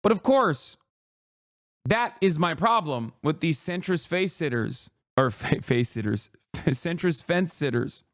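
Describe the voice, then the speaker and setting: Male streamer, heated profane ranter, higher-pitched voice, dry close sound. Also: expressive, slow pace, no room sound. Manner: profane, heated ranting with sarcastic mockery. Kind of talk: live stream commentary.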